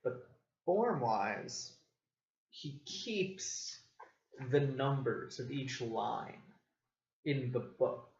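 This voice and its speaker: A man's voice: mid-range voice, lively intonation, drawn-out words, long pauses, a little mellow. Rambling man reviewing comics, roomy lo-fi sound. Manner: rambling, many fillers and self-corrections. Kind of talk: casual solo review talk. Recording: roomy, dull lo-fi recording with faint noise.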